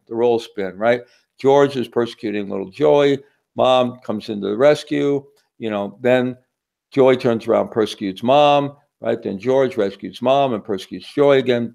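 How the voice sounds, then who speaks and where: Gravelly mellow-voiced guy giving a talk, chatty, keeps asking "right?". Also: medium pitch, normal speed. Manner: conversational, asks the audience with a frequent "right?". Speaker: workshop speaker. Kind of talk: teaching talk.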